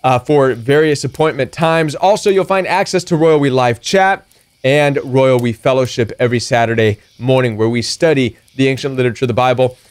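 A man's voice: medium pitch, a little fast. A middle-aged man giving a preachy, emphatic motivational talk as a coach, acting out defiant retorts. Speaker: recovery coach.

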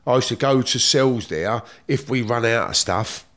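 As a guest, a middle-aged London-accented man casually tells stories from his past, blunt and slangy, cursing freely. He talks at normal speed in a mid-range voice with a slightly bright quality.

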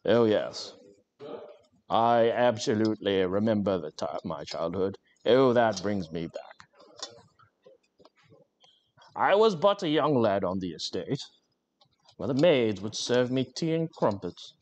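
A man hamming up a pompous English aristocrat, all plummy vowels and lofty airs. He drawls with grand self-satisfaction, each phrase drawn out as if poured over tea and crumpets. The voice sits a touch low. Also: very animated, takes it slowly, long pauses, darkish tone, highs cut off, a little hiss or hum. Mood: nostalgic. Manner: plummy, exaggerated upper-class drawl. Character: pompous posh English gentleman reminiscing.

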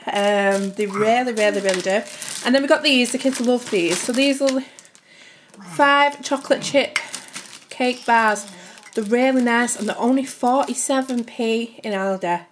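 Slightly high-voiced, a young woman from the UK goes through her family's grocery haul at home on camera. Chatty and rambling, she's somewhat out of breath and keeps addressing viewers as "guys," with slight background noise.

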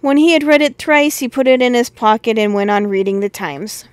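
A woman reading a classic children's novel aloud in steady, measured storybook narration on a close mic. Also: fairly high pitch, clear, resonant tone, no echo. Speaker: audiobook reader.

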